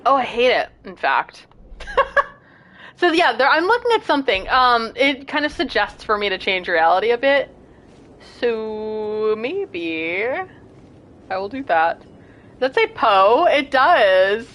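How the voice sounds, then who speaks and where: Brief: young woman gaming streamer, high and very animated, chatty, self-deprecating, squeals when excited. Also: slow. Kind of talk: casual gameplay commentary.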